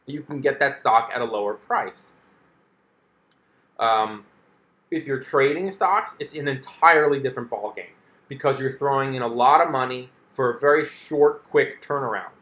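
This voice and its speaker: Here the host's voice is medium-pitched and a little bright, delivered at a normal speed in an echoey room. He chats his way through a personal finance explainer, now and then performing an investor's internal voice in quotes.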